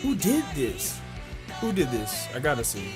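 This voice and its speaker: A man hosting an anime reaction video, talking casually and excitedly, swearing and restarting his sentences often, with faint music behind him. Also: mid-range voice, unhurried. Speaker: anime reaction channel host.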